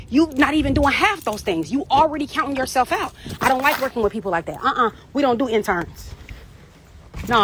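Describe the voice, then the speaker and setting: High-voiced woman preaching real estate motivation. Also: fairly bright tone, slight background noise. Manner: preachy, emphatic, repetitive call-and-response. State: getting out of breath. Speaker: real estate coach and agency owner. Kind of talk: motivational livestream talk.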